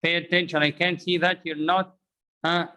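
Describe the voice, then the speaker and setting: A man's voice: on the high side, level tone, normal speed, sharp tone, clear, resonant tone, rough recording. A man teaching English pronunciation, drilling phrases and asking learners to repeat after him, mixing in Arabic explanations. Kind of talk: interactive language lesson.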